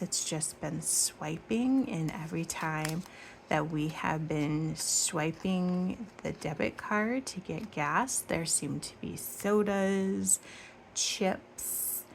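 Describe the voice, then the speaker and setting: Gravelly low-voiced woman vlogging about budgeting. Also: a little hiss or hum. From Michigan. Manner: chatty and rambling, with tangents and self-corrections. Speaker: budgeting channel host. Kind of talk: casual budgeting vlog, counting cash aloud.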